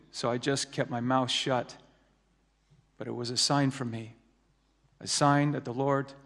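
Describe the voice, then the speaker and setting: A man at a large gathering gives a personal faith testimony in a mid-range voice, drawing out words to land his points. His voice rings with the long reverb of a big hall. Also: medium pitch. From United States. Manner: storytelling, slows down for emphasis. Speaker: speaker giving a testimony.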